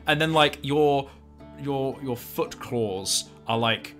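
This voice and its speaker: A man narrating as game master of a tabletop game, casual and halting with many fillers. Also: medium pitch, fairly bright tone, faint music behind.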